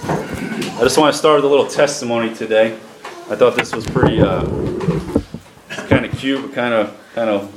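Guy preaching in church, reads scripture slow, prays, kinda echoey room. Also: mid-range voice, noisy background. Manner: slows and lifts his voice for emphasis, responsive to the congregation. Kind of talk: sermon with scripture reading and prayer. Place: church sanctuary with congregation.

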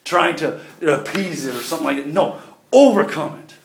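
A man's voice: a little high, animated, moderate pace, gravelly. A middle-aged man, preaching a sermon in a church with folksy, emphatic delivery and shifting volume. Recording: echoey room with faint noise.

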